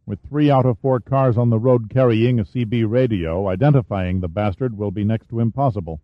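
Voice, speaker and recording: A blunt male official weighs the odds in a measured, worried tone, as a man reads him in an audiobook. The voice is low. The recording is dry and dull. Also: dry recording, close to an everyday voice.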